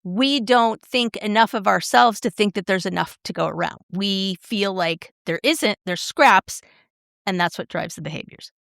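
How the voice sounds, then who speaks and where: A woman's voice: medium pitch, moderate pace, creaky, fairly bright tone, dry recording, studio quality. A middle-aged woman co-hosting a podcast, chatting casually and retelling stories with lots of "like" and "right?". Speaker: podcast co-host. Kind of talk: casual chat.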